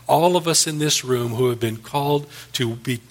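A man's voice: medium pitch, normal speed. A male pastor preaching a Bible-study sermon and leading an earnest closing prayer.

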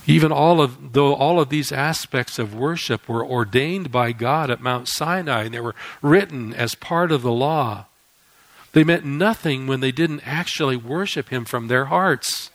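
A man preaching a sermon as an animated storyteller who acts out scripture and scenes. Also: medium pitch, unhurried, no room sound, rough recording.

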